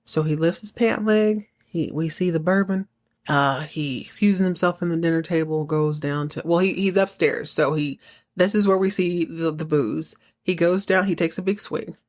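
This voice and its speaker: A woman with a Southern US accent hosting a podcast, recapping a TV episode in a casual, animated way and acting out characters' lines. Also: low voice, moderate pace. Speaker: podcast host.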